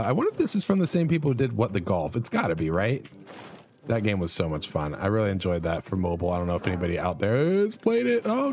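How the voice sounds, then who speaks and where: A man hosting a casual let's play, commenting on a silly game and jumping into high excited yelps. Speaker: gaming channel host.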